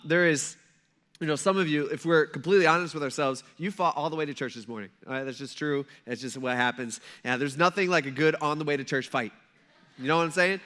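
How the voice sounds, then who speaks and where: A man's voice: on the high side, bright, forceful tone. A young man preaching as a pastor in a church, telling personal stories in a loose, conversational way with lots of asides to the congregation. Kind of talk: sermon. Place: church sanctuary.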